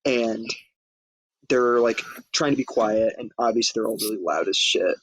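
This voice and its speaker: A man's voice: fairly low pitch, moderate pace, a bit bright, slightly rough, no room sound, rough recording. A man co-hosting a podcast, casually recapping a comedy film in a loose, profane way and acting out quoted lines. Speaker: podcast co-host. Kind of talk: casual movie recap chat.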